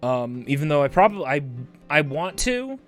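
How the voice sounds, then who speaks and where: A male streamer chatting casually on a livestream while high, rambling and swearing casually as he reads chat aloud. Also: sing-song, normal speed, fairly bright tone, soft background music.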